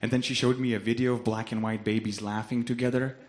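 A young man from Lithuania with a Lithuanian accent performing a stand-up comedy set on a club stage, deadpan and laughing at his own punchlines. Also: medium pitch, fast talker.

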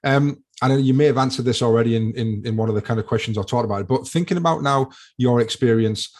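A man hosts an education podcast, talking quickly with a slightly husky voice. He asks long, looping questions and responds to answers with enthusiasm. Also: mid-range voice, darkish tone. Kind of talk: podcast interview.

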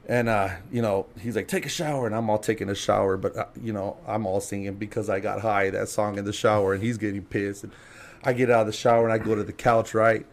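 A man's voice: fairly low pitch, little pitch movement, fast talker. A man telling a story as a podcast guest in casual chat, laughing and swearing as he acts out the people in it. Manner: laughing, profane, acts out quotes.

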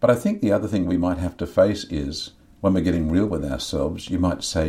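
Man, very deep voice, dark mellow tone, earnest, confessional, middle-aged. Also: brisk. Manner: earnest, confessional, repeats words when searching. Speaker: podcast guest. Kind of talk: candid faith talk.

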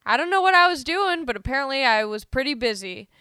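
A woman's voice: high voice, expressive, quick pace, pushed and bright, no room sound, studio quality. A woman hosting a casual solo podcast, rambling and joking at her own expense while she has a cold. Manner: rambling, self-deprecating, joking. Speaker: podcast host.

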